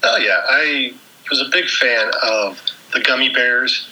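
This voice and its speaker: An easygoing man from the central United States talks over old memories. His voice is very bright and sharp, at a middle pitch. He often restarts his sentences as he thinks back. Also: measured pace, low-quality recording. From US Central region. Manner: easygoing, reminiscing with many restarts. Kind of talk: casual nostalgic chat.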